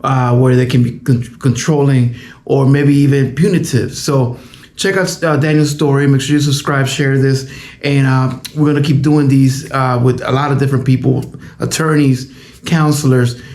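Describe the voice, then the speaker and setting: A man's voice: medium pitch, level tone, normal speed, a little mellow, reverberant. A man introducing a podcast episode in an earnest way and asking listeners to subscribe. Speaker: podcast host.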